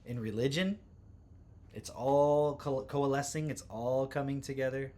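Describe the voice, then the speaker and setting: A man's voice: medium pitch, a little slow, mellow. A man hosting a livestream from home, reading posts aloud and breaking in with sarcastic, incredulous asides. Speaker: livestream host.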